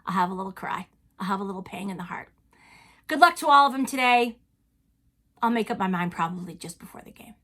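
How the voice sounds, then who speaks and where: A woman, hosting a chatty personal vlog from her home closet and talking straight into the camera in an animated, theatrical way. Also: medium pitch, brisk, pauses often. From New England. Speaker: vlog host.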